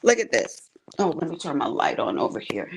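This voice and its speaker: A woman chatting on a sewing and embroidery livestream from her quilting area, animated, calling viewers honey and y'all. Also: low-pitched, brisk, vocal fry, slight background noise. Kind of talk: casual livestream chat.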